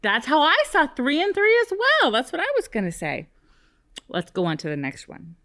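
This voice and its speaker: A woman teaching a first grade class on television, speaking in a slow, sing-song voice aimed at young children. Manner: slow, animated, sing-song teacher talk with big pitch swings.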